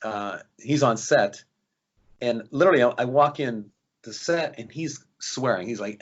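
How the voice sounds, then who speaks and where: A man's voice: mid-range voice, normal speed, muffled recording. A man, an actor guest, telling anecdotes in a casual interview and acting out the voices of people he quotes. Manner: animated, acts out quoted voices.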